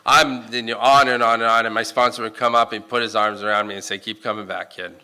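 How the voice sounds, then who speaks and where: A middle-aged man with a very bright, forward voice tells his recovery story to a room of listeners. He stumbles through restarts and fillers, laughing at himself along the way. His pitch sits at a middle level for a man. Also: flat delivery, clean tone. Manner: halting, full of fillers and restarts, with self-mocking laughs. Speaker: speaker at a recovery meeting. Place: meeting room.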